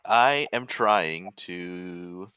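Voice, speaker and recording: A man's voice: low voice, extremely slow, bright, forceful tone, clean tone, no room sound. A man playing a tabletop game, joking playfully with the table. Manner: playful, jokey. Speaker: player. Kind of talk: casual tabletop chat.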